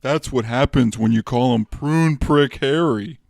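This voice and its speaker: A man's voice: medium pitch, measured pace, creaky, background noise. A man hosting a comedic review show, ranting about movies in a sarcastic, grumbling way. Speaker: host.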